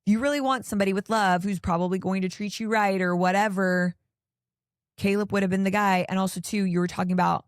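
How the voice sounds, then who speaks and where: A woman's voice: mid-range voice, steady tone, quick pace, dry recording, clean studio sound. A woman hosting a podcast, recapping reality TV in an exasperated, rambling way, full of "like" and "I don't know". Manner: exasperated, opinionated ranting. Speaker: podcast host. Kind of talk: casual reality TV recap chat.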